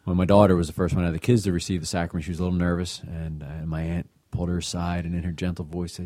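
Deep, mellow man, chatty. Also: level tone, rapid-fire, few pauses, no room sound. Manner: conversational, with many fillers and repeated words. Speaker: co-host of a faith reflection show. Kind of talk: devotional reflection.

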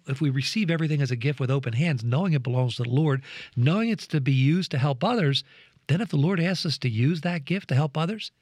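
A man's voice: fairly high pitch, dry recording, clean studio sound. A man sharing a reflection as a program co-host, telling a personal story in an earnest, preacherly way and acting out the voices of the people in it. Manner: lively storyteller who acts out quoted voices.

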